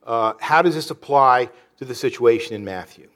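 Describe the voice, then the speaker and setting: A man preaching a sermon in an earnest, halting way, with many restarts and fillers. He drops low and soft on sorrowful phrases. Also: animated. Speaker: pastor.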